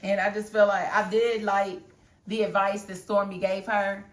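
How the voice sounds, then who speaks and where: A woman giving casual, sassy commentary on a reality show, acting out the cast members' lines in animated bursts. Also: medium pitch, normal speed. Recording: roomy echo.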